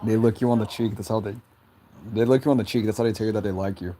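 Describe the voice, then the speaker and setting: A man's voice: fairly even intonation, warm tone. Male streamer, laid-back Q&A, stumbles and restarts lines, frequent giggling. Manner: giggly, breaks into high laughter often; halting, repeats and restarts phrases. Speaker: creator answering viewer questions. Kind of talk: casual livestream chat.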